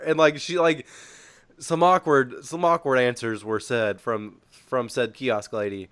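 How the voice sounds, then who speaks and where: A man's voice: medium pitch, moderate pace, a bit bright, clear, resonant tone, no echo. A young man co-hosting a casual podcast, telling a story in a rambling way with lots of fillers and laughs. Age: young adult. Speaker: podcast co-host. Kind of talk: casual chat.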